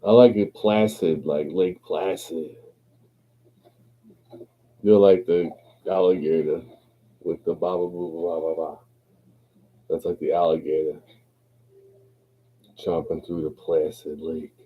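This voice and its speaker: A man hosting a livestream chat, rambling along in a relaxed, slangy way. He talks slowly in a lowish voice. The sound is thin and phone-like. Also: husky. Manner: laid-back slangy rambling, playful chanting. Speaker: livestream host. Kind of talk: casual live chat. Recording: phone-like lo-fi stream audio.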